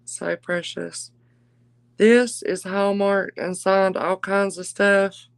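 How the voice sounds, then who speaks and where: A woman runs a live jewelry auction stream, chatty and gushing as she calls her viewers darling and y'all in casual selling talk. Her voice is lowish, the recording is rough, and there's no echo.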